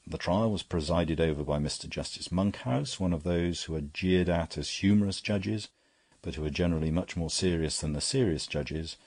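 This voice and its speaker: Very deep, husky male audiobook narrator. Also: a little mellow, no echo. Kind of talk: scripted narration of a classic novel.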